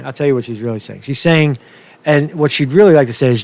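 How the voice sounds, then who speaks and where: A man's voice: mid-range voice, a little fast, a little mellow, dry recording. Mocking, profane man ranting over clips. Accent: New York. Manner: mocking, rambling, repeats words. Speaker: commentary streamer. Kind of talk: profane political rant reacting to clips.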